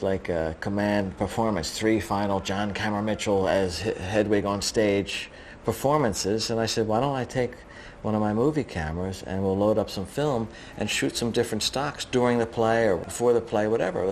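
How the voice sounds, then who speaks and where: Low-ish male cinematographer, chatty interview storyteller. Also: fairly even intonation, normal speed, slight background noise. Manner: chatty, loose storytelling with fillers. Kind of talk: documentary interview.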